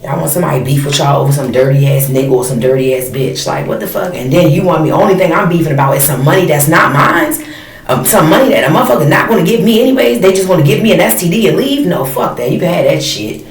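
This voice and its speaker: A woman's voice: low-pitched, fast talker, few pauses. A woman in her thirties telling a personal story as a blunt, profane, fired-up rant in casual talk to camera. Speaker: storyteller vlogger. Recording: echoey room, mic at a distance, faint noise.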